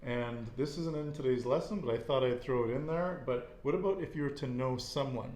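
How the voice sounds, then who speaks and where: A man's voice: medium pitch, a little fast, a little mellow, reverberant, slight background noise. A man teaching a casual Spanish lesson, repeating each answer and praising it.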